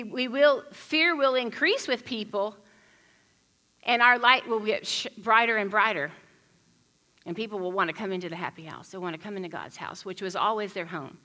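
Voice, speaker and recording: A woman from the United States giving a conversational sermon, animated and chatty, telling stories with frequent restarts. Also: on the high side. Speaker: pastor.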